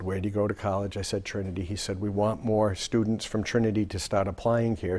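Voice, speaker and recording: A man in his sixties from Rhode Island, a lawyer telling long, relaxed stories with fillers in an interview. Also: fairly low pitch. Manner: relaxed anecdotal talk with fillers. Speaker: lawyer and guest. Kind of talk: storytelling interview answers.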